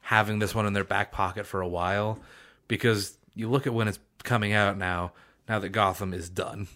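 A man with a fairly low voice, talking casually in a small room that echoes. He hedges and trails off with repeated fillers. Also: fairly even intonation, moderate pace, fairly bright tone. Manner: hesitant, hedging with repeated fillers. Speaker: podcast co-host. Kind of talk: casual comic book chat.

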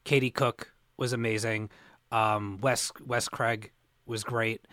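A young man co-hosting a podcast, telling long convention stories. He rambles and restarts often, at an ordinary pitch. The sound is dry and close. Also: flat delivery, takes it slowly, fairly bright tone, dry recording. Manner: rambling storyteller, many restarts. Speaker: podcast co-host. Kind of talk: casual podcast chat.

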